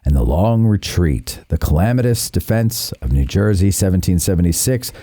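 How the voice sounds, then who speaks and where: Animated man hosting a podcast. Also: low-pitched, normal speed, no echo. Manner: animated storyteller who acts out the voices. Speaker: podcast host. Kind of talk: casual chat.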